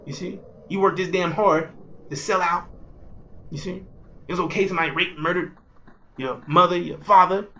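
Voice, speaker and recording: A man preaching a fiery street sermon, repeating himself and jumping between loud outbursts and low murmurs. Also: normal speed, long pauses, muffled recording. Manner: repetitive, rhetorical, keeps asking "you see".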